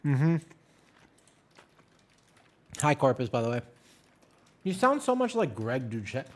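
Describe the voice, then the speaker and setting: Animated man chatting on a game stream. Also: medium pitch, slow pace. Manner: animated, jumpy banter with chat. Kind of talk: casual chat while gaming.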